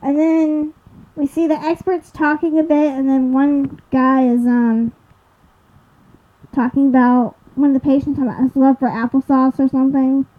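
A woman's voice: high-pitched, little pitch movement, moderate pace. A young woman casually recapping a TV episode with lots of fillers, sometimes losing track of her notes. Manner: rambling, many fillers, loses track of notes. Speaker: podcast host recapping a TV episode. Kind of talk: casual chat. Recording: dull lo-fi recording.

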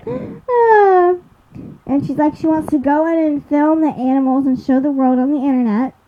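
A young woman hosts a podcast recap of a TV episode in a casual, rambling chat packed with fillers, occasionally losing her place in her notes. Her voice is high and moderately paced. The dull lo-fi audio carries a little hiss or hum.

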